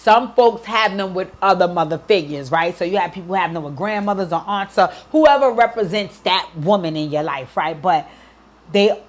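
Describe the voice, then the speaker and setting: A woman's voice: fairly low pitch, expressive, normal speed. A woman hosting an advice show, speaking earnestly and emotionally to a worried mother, close to tears at times and often checking in with "right?". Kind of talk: heartfelt advice talk to a listener.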